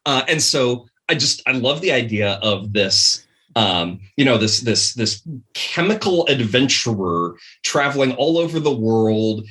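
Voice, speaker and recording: A man's voice: medium pitch, expressive, measured pace, sharp tone. A man guest on a podcast, chatting casually and rambling, with many ums and restarts. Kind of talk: casual chat.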